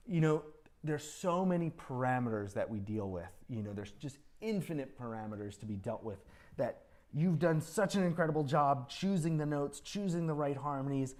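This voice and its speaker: A man's voice: mid-range voice, expressive, normal speed, darkish tone. Encouraging man coaching a composer. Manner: encouraging, sings rhythms aloud to show phrasing. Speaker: composition master class teacher. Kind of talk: coaching a student composer at a rehearsal. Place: music school rehearsal room with an ensemble.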